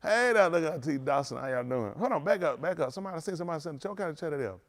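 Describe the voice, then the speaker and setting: A man pastor who jokes and banters with his livestream viewers by name, then teaches in an earnest, halting way. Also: fairly high pitch, lively intonation. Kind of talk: livestream greeting and sermon.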